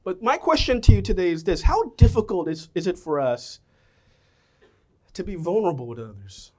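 A middle-aged man preaching a sermon as a pastor, a self-mocking storyteller who swings between loud outbursts and soft, low lines. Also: sing-song, normal speed.

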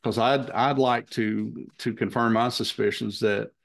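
A man's voice: mid-range voice, steady tone, a little slow, gravelly. A man cohosting a podcast in casual chat, joking and teasing, often restarting his sentences. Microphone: travel mic, from an airport.

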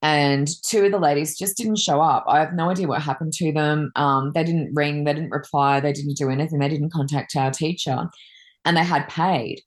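A woman's voice: sits low, steady tone, normal speed. A woman, a Reiki master and card reader, chatting casually and telling rambling anecdotes with many fillers.

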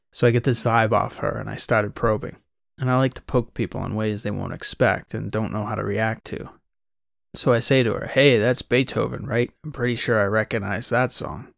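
A man's voice: fairly low pitch, vocal fry, no echo, clean studio sound. A man giving first-person audiobook narration in a wry, conversational private-eye voice.

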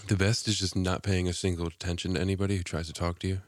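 A young man co-hosting a podcast, low-key, laughing often and dropping dry quips. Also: little pitch movement, very fast, no room sound. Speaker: podcast co-host. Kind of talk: casual chat.

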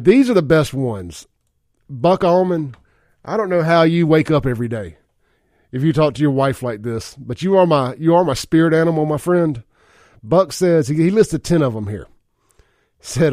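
A man's voice: mid-range voice, animated, a little slow, a little mellow, dry recording. Guy hosting talk radio, laid-back chatty, lil chuckles, dry close mic. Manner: chatty, chuckles often, reads listener texts aloud. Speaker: radio talk show host. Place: radio studio. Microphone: studio microphone.

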